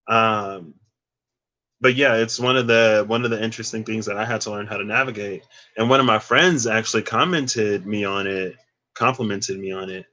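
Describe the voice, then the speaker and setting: A man's voice: fairly low pitch, moderate pace, sharp tone. A young man reading tarot casually for a vlog, rambling and digressing with plenty of fillers. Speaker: tarot reader.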